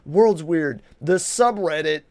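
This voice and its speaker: Brief: male co-host, casual profane chat, animated, tight dry sound. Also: on the high side, takes it slowly, no room sound. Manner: animated, swears a lot, acts out voices in quotes.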